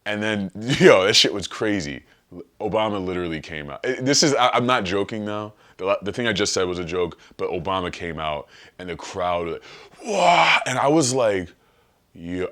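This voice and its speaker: A man on a podcast, telling an animated, rambling, profane story in casual chat. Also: deep voice. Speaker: podcast guest.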